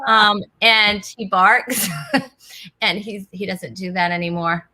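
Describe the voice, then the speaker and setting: A woman's voice: medium pitch, steady tone, takes it slowly, bright, forceful tone. A woman hosting a casual live online talk show, chatty and bubbly, laughing often as she greets viewers. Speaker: host. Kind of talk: casual live-stream chat.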